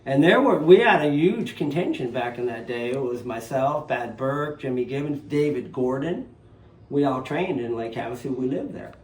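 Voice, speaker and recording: In his living room, a man in his fifties with a Southern US accent tells lively stories as a guest in a casual interview, acting out the voices he quotes with animation. He's a retired jet ski racer from southern Louisiana, raised in Nevada, with a mid-range voice and moderate pace. Slight background noise and faint ambience come from the roomy home room.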